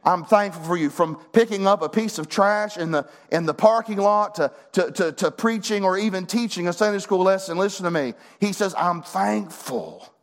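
A man's voice: sits high, brisk, few pauses. A middle-aged man preaching a sermon as pastor, folksy and fervent, building to emphatic bursts.

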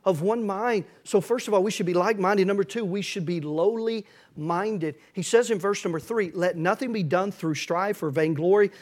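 A man's voice: high voice, normal speed, few pauses, darkish tone. A middle-aged man preaching a folksy, storytelling sermon that builds to emphatic passages. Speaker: pastor.

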